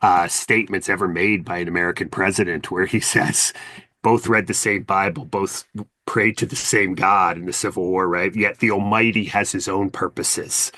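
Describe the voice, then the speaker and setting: Bright-voiced man, animated and chatty. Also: low-pitched, moderate pace, no echo, studio quality. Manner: animated, self-deprecating, frequent asides and fillers. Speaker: podcast guest, historian. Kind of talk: casual conversational interview.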